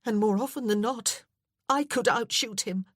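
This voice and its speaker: A woman's voice: fairly high pitch, moderate pace, no echo, studio quality, voice pushed up, lightly acted. A woman voicing a guilt-ridden young widow, speaking with raised, breathless anguish.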